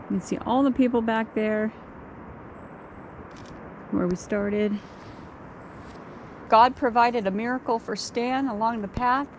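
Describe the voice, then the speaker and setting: An older woman narrates her hike on a forest trail by roaring water in an easygoing vlog, filming and pointing out the sights. Her voice is on the high side with fairly even intonation. The outdoor camera audio is rough, with distinct rushing-water noise.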